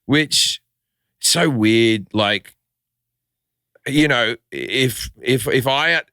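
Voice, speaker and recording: A man's voice: mid-range voice, extremely slow, smooth, no room sound, studio quality. A middle-aged Australian man with an Australian accent, a comedian telling stories in casual podcast chat and swearing freely. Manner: animated storytelling, swears freely. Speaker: comedian guest.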